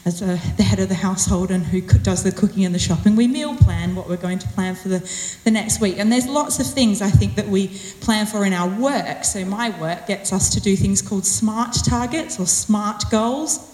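A woman speaking at church gives a personal sermon in a chatty, self-deprecating manner, playfully leaning on certain words. Her middling-pitched, darkish voice moves at a moderate pace with hardly any pauses, ringing through a roomy hall with a long reverb tail.

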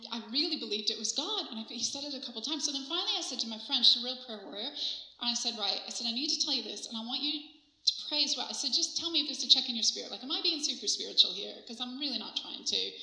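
A woman preaching a sermon, telling a personal story in an animated way and often laughing. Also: fairly high pitch. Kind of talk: sermon testimony. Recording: roomy echo.

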